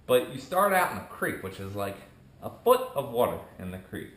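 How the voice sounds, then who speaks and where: In a mid-range voice at normal speed, a young man who's just beginning a vlog channel tells a meandering, lively story. He imitates his friends' remarks, and the room sounds echoey.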